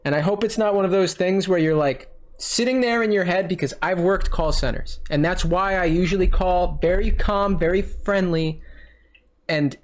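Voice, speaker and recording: A man's voice: high voice, moderate pace. Man, angry customer, ranting and exasperated, complains on a phone call, curses often. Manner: exasperated, ranting, repeats himself, swears. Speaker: frustrated customer on a support call. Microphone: recording his own side of a phone call.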